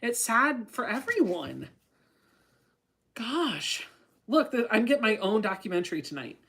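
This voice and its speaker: A woman's voice: on the high side, very animated, unhurried, fairly bright tone, breathy edge. A woman chatting casually on a sewing livestream, reading viewer comments aloud and laughing often. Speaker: sewing vlogger reading live chat.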